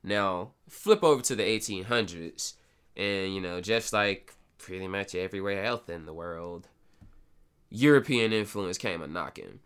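A man's voice: low-pitched, measured pace, fairly bright tone, smooth. A man hosting a podcast, explaining history in a loose, casual way with sarcastic asides and frequent self-corrections. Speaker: podcast host. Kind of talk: casual educational podcast talk.

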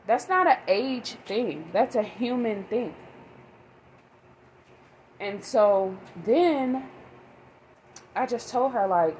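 A woman's voice: on the high side, lively intonation, slow, pauses often, a little hiss or hum, low-quality recording. A woman vlogging about her day as a mother, talking in a rambling, emphatic way. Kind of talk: casual monologue.

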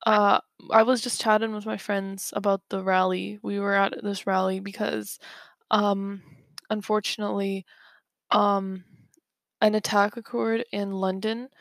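A woman's voice: mid-range voice, little pitch movement, unhurried, gravelly, dry recording, studio quality. A young woman hosting a podcast, telling a story in a chatty way with lots of fillers and restarts, and getting worked up. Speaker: podcast host. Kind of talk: casual storytelling monologue.

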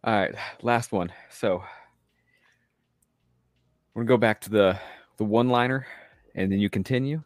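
A man's voice: fairly low pitch, normal speed, long pauses, no room sound, clean studio sound. A man hosting a podcast in casual chat, playful and teasing. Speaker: podcast host.

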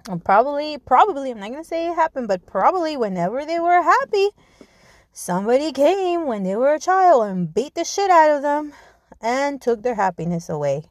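Brief: woman podcast host, higher voice, blunt, curses a lot, dry close sound. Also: no echo. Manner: blunt, swears freely, animated; restarts and repeats words often. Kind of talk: casual spoken monologue.

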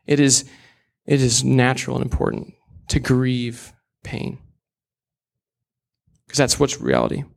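A man's voice: medium pitch, little pitch movement, a little slow, vocal fry. A young man preaching a sermon in an earnest, candid way, with casual asides.

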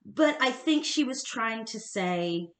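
A woman's voice: fairly high pitch, lively intonation, slow pace, roomy sound. A woman co-hosting a casual history podcast, talking emphatically and laughing often. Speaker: podcast co-host.

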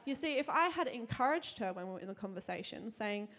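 A young woman giving a sermon to a congregation, telling a personal story in a chatty, quick way with lots of fillers and frequent laughter. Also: on the high side, animated, a bit bright. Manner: chatty, fast, laughing often, many fillers. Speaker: church speaker.

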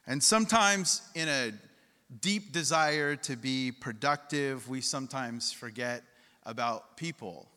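Bright-voiced preacher in a reverberant hall. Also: male voice, mid-range voice, measured pace. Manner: conversational preaching, asks the crowd questions. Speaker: pastor. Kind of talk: sermon.

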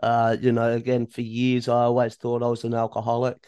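A man's voice: mid-range voice, monotone, a little fast, dark tone, smooth, dry recording. A man hosting a podcast, talking openly and earnestly in a casual, profane way. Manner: open and earnest, with casual swearing. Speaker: podcast host. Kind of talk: casual conversational chat.

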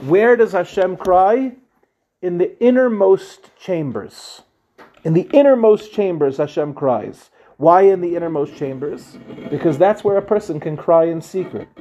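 Rabbi, male, high-pitched. Lecture delivery: translates and explains line by line, drawing out the Aramaic quotes. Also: dark tone. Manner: asks questions and answers them himself. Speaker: rabbi teaching a Talmud class. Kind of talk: Talmud lecture.

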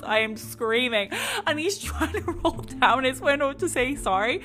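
A young woman telling stories about her week in a casual, animated way, swearing freely and saying "like" a lot. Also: a little high, moderate pace, faint music behind. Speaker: vlogger. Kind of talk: casual storytelling.

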